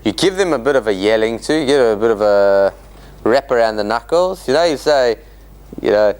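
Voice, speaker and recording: A man's voice: mid-range voice, brisk, clean tone. A man teaching a Torah study class in an informal lecture, acting out quotes and restarting often. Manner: animated, acts out quotes in dramatic voices, many restarts. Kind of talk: informal Bible study lecture with questions to the audience. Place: meeting room of a church centre.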